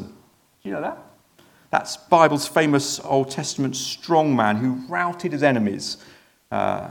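A man's voice: on the high side, creaky. A man preaching a sermon in a conversational way, often tagging points with rhetorical questions.

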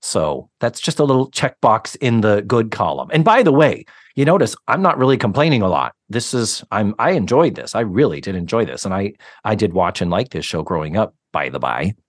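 Man, podcast co-host, casual recap, animated intonation, dry close sound. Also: lowish voice, brisk, hardly any pauses, no echo. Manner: animated storyteller, swears casually, acts out quotes.

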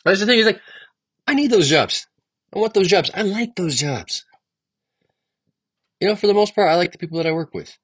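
A man's voice: high voice, lively intonation, fairly quick, long pauses, breathy edge. Frustrated, profane young man venting solo. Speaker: podcast host. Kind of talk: solo stream-of-consciousness podcast monologue.

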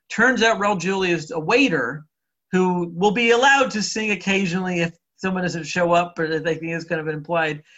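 A man with a high, bright voice who chats eagerly about movies and jumps into quotes as he recounts scenes. The audio is dull and lo-fi. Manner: enthusiastic, acts out quotes. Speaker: podcast co-host. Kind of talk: casual film discussion.

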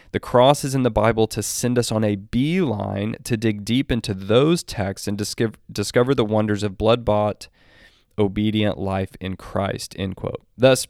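A man with a fairly low voice talks through a written article and reads long passages from it aloud. He often restarts a sentence mid-thought as he works out his point. The recording is dry and close, with no room sound. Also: a little mellow, no echo. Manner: deliberate, quotes text at length with restarts. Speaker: Christian commentator. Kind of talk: spoken commentary on an article.

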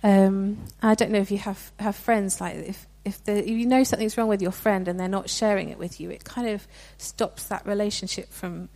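A woman's voice: medium pitch, steady tone, normal speed, hardly any pauses, mellow. A young woman giving a sermon in a conversational, earnest way, with frequent restarts. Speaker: preacher.

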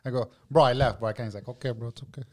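A man telling a story as a guest in a casual podcast chat, animated and swearing. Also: mid-range voice, rapid-fire.

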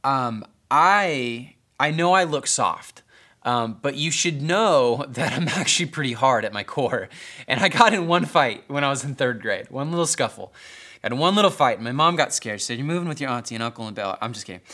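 A young adult man preaching a sermon, telling a personal story with self-deprecating humor and dropping to soft, intense tones for emphasis. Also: medium pitch, expressive, normal speed.

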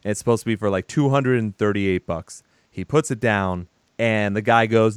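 A man's voice: on the low side, moderate pace, clear, resonant tone, no echo, clean studio sound. A man recapping a film in casual chat, animatedly acting out the characters' lines. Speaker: podcast co-host.

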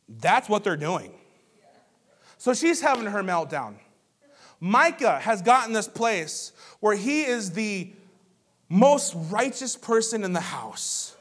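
Man, pastor, sermon, high-pitched, conversational, lively storyteller. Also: unhurried.

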